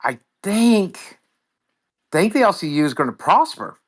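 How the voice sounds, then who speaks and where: A man's voice: high-pitched, very animated, measured pace. A man co-hosting a casual live stream, confessing in a joking way.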